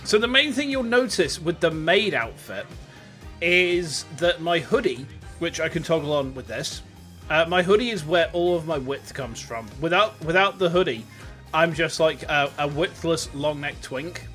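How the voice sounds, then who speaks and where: A young man streaming as a VTuber, joking and irreverent in casual commentary, talking to his chat through a boom mic. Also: animated, moderate pace, sharp tone, soft background music. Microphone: boom mic on a stand.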